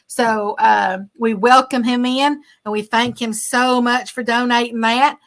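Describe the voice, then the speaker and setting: A woman, a bit hoarse, hosting a casual livestream and chatting along with many fillers as she thanks viewers. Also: fairly high pitch, steady tone, normal speed, hardly any pauses, fairly bright tone. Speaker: livestream host.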